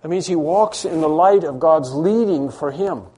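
Warm-toned preacher acting out pleas. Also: male voice, on the high side, moderate pace, slightly rough. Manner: dramatic, acts out quoted pleas with rising intensity. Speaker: pastor. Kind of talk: sermon.

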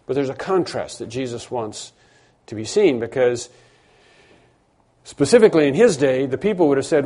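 Earnest preaching man with a warm voice. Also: medium pitch, animated, moderate pace, long pauses. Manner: earnest, repeats and restarts for emphasis. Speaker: pastor. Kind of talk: sermon.

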